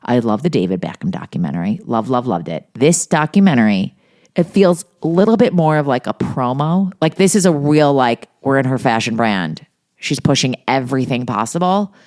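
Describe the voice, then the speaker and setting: A middle-aged woman with a strikingly low voice that swings widely in pitch as she tells her stories. She chats casually on a podcast, gossipy and quick to swear. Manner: gossipy, profane, animated storytelling. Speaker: podcast co-host. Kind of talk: casual chat.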